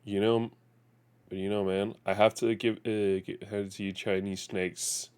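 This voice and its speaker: A man reading out a sneering gangster, low-voiced. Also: flat delivery, unhurried, a little mellow, clean tone, lightly acted. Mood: taunting. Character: menacing male gangster extorting a chef.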